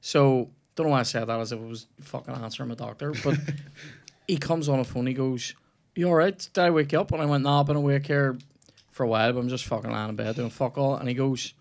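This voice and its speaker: A man's voice: medium pitch, fast. Sweary young man chatting over a game. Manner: sweary, animated storytelling that breaks into game rants. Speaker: comedian podcast host. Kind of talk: casual chat while playing a football video game.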